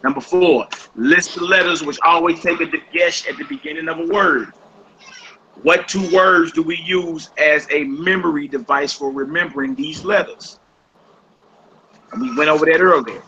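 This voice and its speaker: Male teacher, slightly high and very bright voice, patient and repetitive, dull lo-fi sound. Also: moderate pace, a little hiss or hum. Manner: patient, repeats each instruction. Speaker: Hebrew teacher. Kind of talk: classroom instruction. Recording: dull lo-fi recording.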